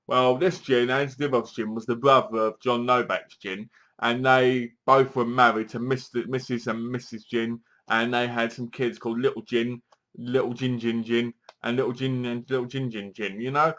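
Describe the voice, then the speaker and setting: A man's voice: medium pitch, level tone, normal speed, a bit bright. A man giving a chatty, exasperated spoken film review, retelling scenes and quoting lines as he goes. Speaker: movie reviewer.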